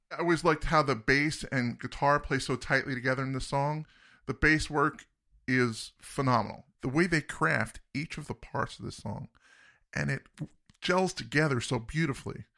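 A man's voice: on the high side, gravelly, bright, forceful tone. A man co-hosting a podcast, chatting eagerly about music and laughing often. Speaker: podcast co-host. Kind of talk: casual music discussion.

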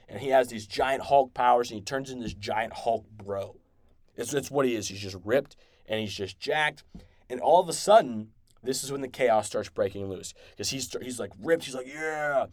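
A man hosting a podcast, excitedly recapping and reviewing an episode in a rambling, casual way with many restarts. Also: mid-range voice, moderate pace, no room sound. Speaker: podcast host.

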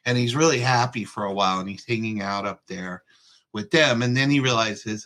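A male writer talking casually in an interview, recounting his book's story in a relaxed, meandering way. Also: on the low side, brisk. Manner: relaxed storyteller, lots of fillers. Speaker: author guest.

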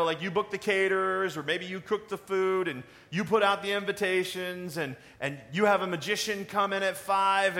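A man preaching a sermon in a conversational, animated way, asking the congregation questions. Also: high-pitched. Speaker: pastor.

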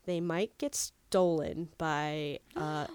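A woman's voice: sits low, slow pace, a little mellow, smooth, no echo. A woman co-hosting a podcast, telling a story in casual chat and leaning heavily on "like". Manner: chatty storyteller, heavy use of "like". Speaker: podcast co-host.

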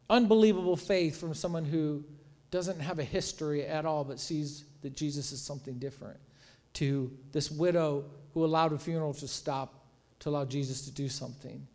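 A man preaching a sermon in a conversational, animated way, retelling stories and acting out quotes. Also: a little high, long reverb tail. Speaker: pastor.

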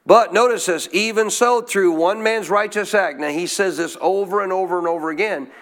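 A man with a high-pitched voice preaches a sermon with emphatic call-and-response. He keeps asking the congregation questions and urging them to say lines back to him. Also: moderate pace, fairly bright tone. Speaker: pastor.

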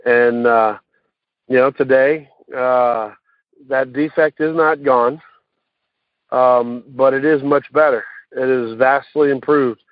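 A man giving a personal recovery share, talking haltingly with many fillers and restarts. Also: medium pitch, fairly even intonation, no echo. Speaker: recovery meeting speaker. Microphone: phone call. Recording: tinny phone line.

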